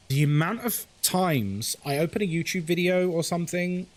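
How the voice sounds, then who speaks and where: A man's voice: a little high, moderate pace. A man streaming a horror game, chatting casually to viewers and ranting with frequent swearing and laughter. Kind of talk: casual live-stream commentary.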